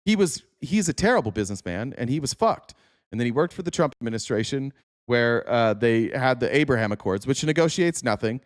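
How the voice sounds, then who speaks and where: Sarcastic, profane podcast host ranting. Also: male voice, medium pitch. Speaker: podcast host reading chat comments. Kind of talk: casual political talk.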